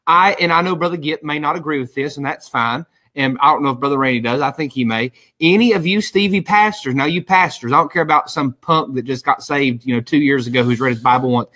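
Bright-voiced man hosting a live stream. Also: mid-range voice, quick pace, hardly any pauses. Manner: rambling, defiant, many restarts. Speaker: show host. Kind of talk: live-stream talk show chat.

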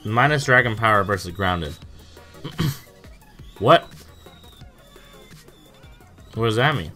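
A man's voice: fairly low pitch, expressive, slow pace, bright, forceful tone, faint music behind. A young man giving casual, profanity-laced commentary as he plays an online game, stammering and exclaiming in disbelief. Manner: swears often, stammers in bursts, exclaims in disbelief. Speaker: gaming YouTuber. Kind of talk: casual live commentary over gameplay.

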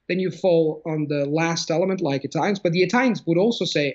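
A man with a slightly high voice explains his ideas in a thoughtful interview, often restarting mid-sentence and reaching for examples. He works as a language coach. His voice comes through a dull, lo-fi video call. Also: fairly quick, few pauses, a little mellow. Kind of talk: conversational interview.

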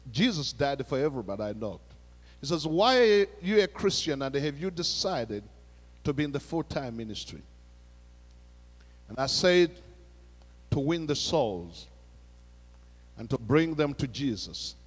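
A high-voiced man preaches in a church sanctuary, and long hall reverb trails after his words. He speaks slowly and moves from hushed storytelling to raised calls to the congregation. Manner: storytelling preacher, shifts between hushed retelling and raised exhortation. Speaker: pastor. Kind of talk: sermon.

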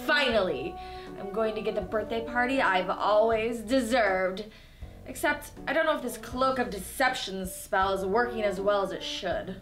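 A woman's voice: mid-range voice, moderate pace, music in the background, close to an everyday voice. A woman playing a scheming evil fairy disguised as a young queen, bossy and snide. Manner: snide, bossy, sugary when covering up. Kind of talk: comedy sketch acting.

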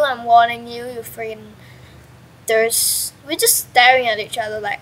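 A young woman casually commentating her own game at home, chatty and excitable, with sudden yelps and mild swearing. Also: fairly high pitch, unhurried, rough recording. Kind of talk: casual let's-play commentary. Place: at home with a pet dog nearby.

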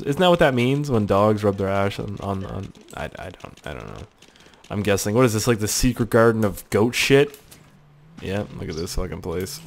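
A young man giving joking, excitable let's-play commentary as a gaming YouTuber, swearing a lot as he goes. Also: lowish voice, brisk.

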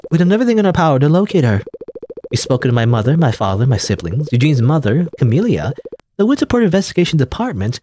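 Anxious, kind mother, played by a man, pitched up and earnest. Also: very animated, quick pace, dark tone, slight background noise. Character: worried kindly middle-aged mother.

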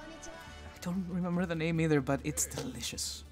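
A woman's voice: on the low side, big pitch swings, moderate pace, music in the background. A woman on voice chat during a team game, playful and teasing. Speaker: teammate on voice chat. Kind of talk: casual gaming chat.

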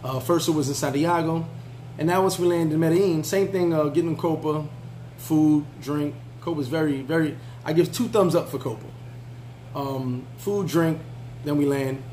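Male travel vlogger, casual storyteller, slightly high voice, faint hum behind. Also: normal speed, mellow, poor audio. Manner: laid-back, chatty, frequent fillers and restarts.

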